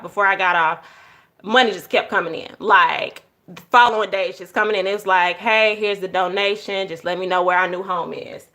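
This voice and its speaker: A young adult woman vlogging casually to her viewers, telling a story with lively acted-out quotes and calling them y'all. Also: mid-range voice. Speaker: journaling vlogger.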